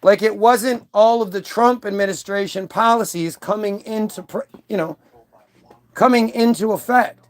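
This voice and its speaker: A man's voice: high-pitched, normal speed. A man delivering a combative, profane, rambling monologue to his stream audience, often restarting his sentences. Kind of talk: ranting monologue.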